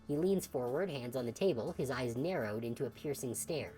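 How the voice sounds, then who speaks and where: Low-voiced casual woman streamer. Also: animated, brisk, few pauses, mellow, faint music behind, low-quality recording. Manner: casual and musing, narrating scenes aloud. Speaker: streamer playing a video game. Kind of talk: let's play commentary and narration.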